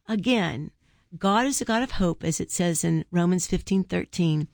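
Gravelly-voiced woman giving faith testimony. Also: mid-range voice, no echo, studio quality. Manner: earnest storytelling, preachy questions to listeners. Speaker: author guest.

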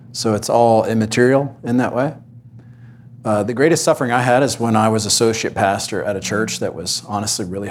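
A pastor candidly telling a personal story of hardship on a panel. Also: male voice, on the low side, slight background noise.

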